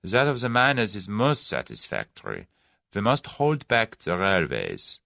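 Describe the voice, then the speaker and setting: A methodical plotter who speaks clearly and slowly, played by a male audiobook narrator. His low voice is precise and cold in a dry, close sound. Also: huge pitch swings, pushed and bright, no room sound, exaggerated voice. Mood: measured. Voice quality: clear, measured, deliberate. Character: German conspirator, clear-voiced, confident, methodical man.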